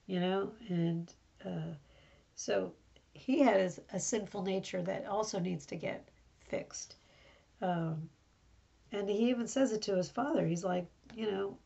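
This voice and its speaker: A woman talks through a Bible story for her podcast in a loose, rambling way, full of fillers. Her voice is gravelly and a little husky. The home recording sounds dull and lo-fi. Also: mid-range voice, measured pace, dark tone. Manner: rambling, conversational, many fillers. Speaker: podcast host. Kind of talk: casual Bible teaching podcast.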